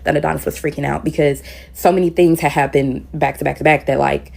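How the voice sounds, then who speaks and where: Woman spilling a storytime, low voice with lots of fry, blunt and cussing. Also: steady tone, fast. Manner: candid retelling with frank profanity; grows louder and more heated as she tells it. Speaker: teacher. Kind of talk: casual storytime.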